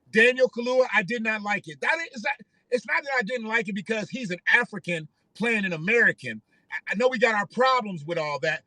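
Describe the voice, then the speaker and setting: A man's voice: high-pitched, pushed and bright, no room sound. A man hosting a live stream, giving rambling, profane commentary and often repeating himself. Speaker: livestream host.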